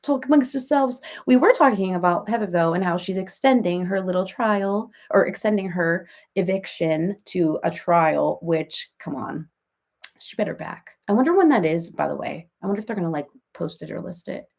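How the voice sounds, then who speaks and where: A woman's voice: lowish voice, expressive, normal speed, vocal fry, darkish tone. Chatty rambling woman livestreaming. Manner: rambling, chatty, full of "like" and restarts. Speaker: livestream host. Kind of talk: casual livestream chat with viewers.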